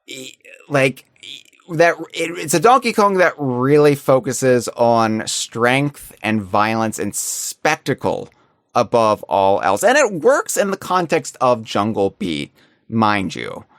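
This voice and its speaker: A man's voice: medium pitch, big pitch swings, takes it slowly, no room sound, studio quality. A man talking as a podcast guest, reflective and earnest, explaining his views at length in casual chat.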